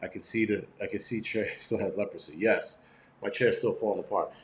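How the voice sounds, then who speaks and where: A man's voice: fairly low pitch, a little fast, roomy sound, slight background noise. Blunt, profane New man ranting. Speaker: prepping channel host. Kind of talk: casual livestream rant. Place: room at home.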